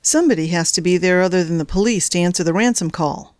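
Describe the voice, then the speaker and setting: A woman's voice: lowish voice, fast, darkish tone, no room sound, studio quality, natural voice. A woman voicing a smug, disapproving older sister-in-law who speaks in a cool, condescending way.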